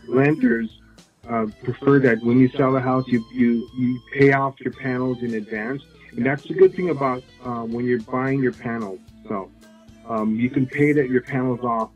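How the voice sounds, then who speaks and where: A man working as a solar sales representative, explaining his offers in casual interview talk, halting with many fillers and restarts. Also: medium pitch, steady tone, muffled recording, faint music behind.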